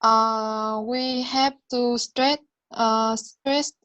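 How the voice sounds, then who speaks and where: A woman, a learner of English, answering hesitantly with many pauses and fillers. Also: on the high side, fairly even intonation, a bit bright, highs cut off. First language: Vietnamese. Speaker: student.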